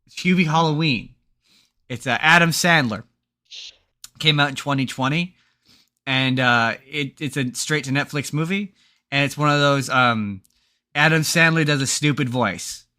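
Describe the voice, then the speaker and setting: A man's voice: on the high side, a little slow, long pauses, sharp tone. A man co-hosting a podcast, chatting casually and rambling through movie plots with lots of fillers and restarts. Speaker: podcast co-host. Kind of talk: casual chat.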